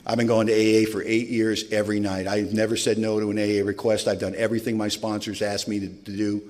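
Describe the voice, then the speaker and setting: A man's voice: fairly low pitch, level tone, fast talker, darkish tone. A middle-aged man giving a candid, earnest personal testimony to a recovery meeting audience, talking in a conversational storytelling way. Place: large hall with long reverb. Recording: live hall recording with long reverb.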